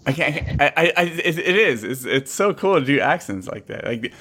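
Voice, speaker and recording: A young man chats with real enthusiasm and laughs easily. His pitch swings widely, and his tone is bright and forward. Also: sing-song, moderate pace, slightly rough. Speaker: co-host. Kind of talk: casual chat.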